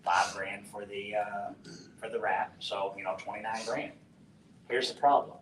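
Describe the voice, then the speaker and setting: A middle-aged man from West Texas, telling a profane, animated story to a conference audience and acting out the dialogue. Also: unhurried. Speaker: conference speaker. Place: conference hall. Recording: roomy, distant mic with faint rumble.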